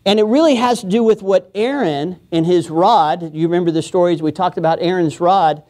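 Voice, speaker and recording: A man's voice: high-pitched, a little fast, darkish tone. A man preaching a sermon as pastor, in a casual, joking way, often chuckling and acting out quoted voices. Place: church.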